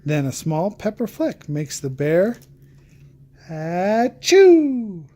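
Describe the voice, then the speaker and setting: A woman's voice: sits low, expressive, a little slow, mellow. A woman reading a rhyming picture book aloud in a rhythmic, sing-song way. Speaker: storybook reader.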